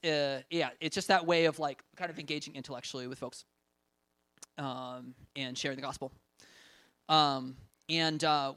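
A young man giving a casual talk about evangelism training over slides, full of fillers and quick laughs as he acts out little quotes. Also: fairly high pitch, a bit bright, clean tone, dry recording, clean studio sound. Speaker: ministry trainer presenting.

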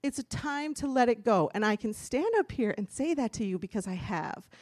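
Woman, candid testimony talk, chatty, animated, slightly high voice, dry close sound. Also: moderate pace, no room sound. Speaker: speaker giving a church talk. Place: church stage.

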